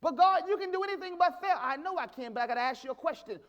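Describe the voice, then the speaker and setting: Man, pastor, sermon, high voice, drawn-out emphatic questions. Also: expressive, a bit bright, lo-fi sound. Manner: emphatic preaching with repeated questions.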